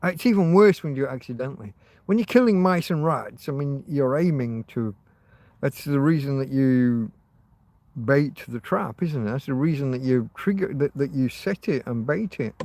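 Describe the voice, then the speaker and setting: A man's voice: mid-range voice, lively intonation, moderate pace, darkish tone, no echo. A man hosting a casual livestream, rambling and chatting to his viewers with frequent restarts. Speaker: livestream host.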